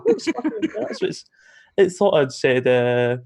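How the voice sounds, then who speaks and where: A man's voice: mid-range voice, huge pitch swings, unhurried, a little mellow. A Scottish man chatting on a live stream, telling stories in a sweary, chuckling way. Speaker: live show co-host. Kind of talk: casual live-stream chat.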